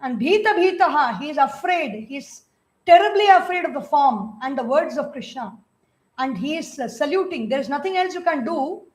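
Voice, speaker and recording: High-voiced Indian woman chanting and explaining scripture. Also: animated. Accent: Indian English. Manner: chants verses slowly in a sung tone, then explains them conversationally. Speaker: spiritual teacher giving a scripture discourse. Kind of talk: scripture discourse with chanted verses.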